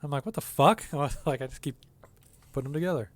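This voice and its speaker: Midwestern male podcast host, mid-pitched, profane and animated, dry close recording. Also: racing, dry recording. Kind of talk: casual chat.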